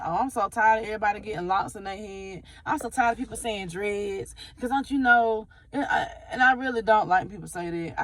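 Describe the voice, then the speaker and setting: A woman's voice: medium pitch, no echo. A woman who does hair talking candidly to her viewers in a casual vlog, swearing now and then. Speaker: vlogger. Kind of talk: casual talk to camera.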